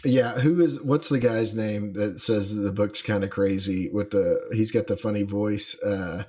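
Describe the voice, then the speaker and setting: A man's voice: lowish voice, measured pace, dark tone. Rambling male podcast co-host. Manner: rambling, many fillers and restarts. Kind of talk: casual chat.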